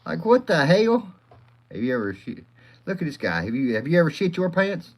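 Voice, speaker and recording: Very animated and a bit high-voiced, a man runs a rambling live chat at a moderate pace. He's rowdy and crude, swearing and laughing a lot while calling out viewers by name.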